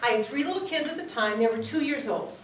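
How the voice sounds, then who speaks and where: A woman performs a humorous contest speech, telling her story in an animated way. Her high, bright voice rings through a large echoey hall, and the mic picks it up from far off. A faint room hum sits behind her. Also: fast. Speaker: contest speaker.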